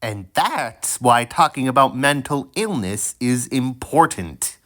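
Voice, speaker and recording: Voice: mid-range voice, lively intonation, slow, few pauses, fairly bright tone. A video creator casually reading social media posts aloud with amused, wry asides.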